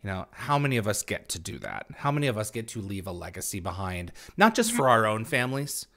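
A man hosting an interview, reading out viewer questions and speaking earnestly and supportively, with some halting. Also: lowish voice, big pitch swings, sharp tone. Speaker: podcast host. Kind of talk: casual video interview.

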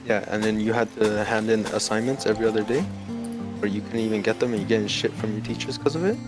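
An aggrieved young man in a heated argument, his voice a touch low as he presses his point again and again. Clear music plays behind him. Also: fairly even intonation, quick pace. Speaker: student. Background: music playing.

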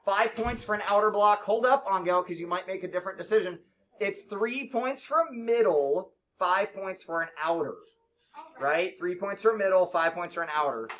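Male math teacher, classroom lesson, brisk and encouraging with a joking streak. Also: high-pitched, a bit bright. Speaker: middle school math teacher.

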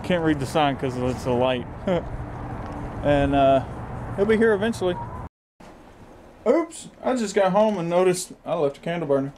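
A man's voice: fairly high pitch, expressive, moderate pace, pauses often, a little mellow, a little hiss or hum. A young man vlogging casually about his day, rambling with lots of fillers and the odd curse. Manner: rambling, profane, many fillers. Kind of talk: casual vlog chat.

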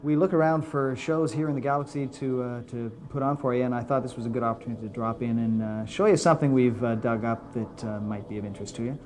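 A man's voice: medium pitch, fairly even intonation, quick pace, hardly any pauses, darkish tone. A man co-hosting in a chatty, casual way. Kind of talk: casual chat.

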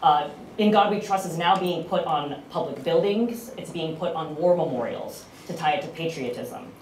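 An American woman speaking on a conference panel, loud and chatty with self-mocking humor. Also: low-pitched, animated, normal speed, a little hiss or hum. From United States. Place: conference hall. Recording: roomy hall from far off.

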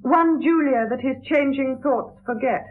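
A woman's voice: high-pitched, measured pace. An actress playing a proud yet compassionate young noble lady, speaking verse with dignity and firmness in an old radio play. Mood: dignified. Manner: dignified, firm, stately delivery. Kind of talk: 1960s radio drama verse acting. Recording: tinny lo-fi 1960s radio broadcast.

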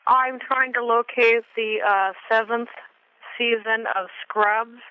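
A woman's voice: a little high, fairly even intonation, slow, clear, resonant tone, dry recording. A woman caller on the phone, defensive and laughing things off. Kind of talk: phone call. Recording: tinny phone line.

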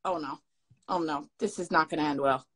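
A woman's voice: sits low, a little fast. Flustered young woman live-streaming. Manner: flustered, excitable, talks to viewers. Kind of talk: casual live stream chat.

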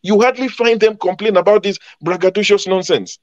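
A man's voice: high voice, a little fast, no room sound, dull audio. A man speaking as a panelist in a heated debate, emphatic and combative, repeating his points.

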